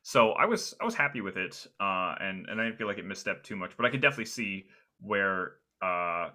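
A man with a low-leaning, bright voice chats loosely about movies on a podcast. He circles his points with fillers and restarts. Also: expressive, brisk. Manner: rambling, many fillers and restarts. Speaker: podcast co-host. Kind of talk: casual film discussion.

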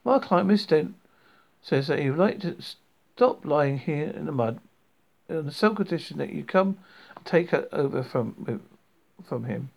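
A man reading aloud plays a coolly persuasive schemer who lays out his reasoning patiently, a touch higher than the narration. The voice has a gravelly edge throughout. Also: expressive, unhurried, exaggerated voice. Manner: patient, smoothly reasonable, slightly raised pitch. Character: calm, persuasive man talking his way round an official.

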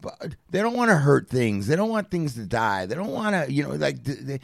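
A man's voice: mid-range voice, sing-song, brisk, gravelly, dry recording, clean studio sound. A man co-hosting a podcast who talks candidly, swears freely and restarts his sentences. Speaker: podcast co-host. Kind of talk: candid conversational talk.

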